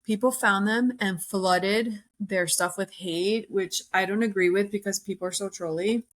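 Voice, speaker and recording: A woman's voice: mid-range voice, steady tone, a little slow. A woman hosting a podcast, retelling a story in casual, rambling chat with lots of "like" and acted-out quotes. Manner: chatty, rambling, heavy use of "like", acts out quoted lines. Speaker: podcast host.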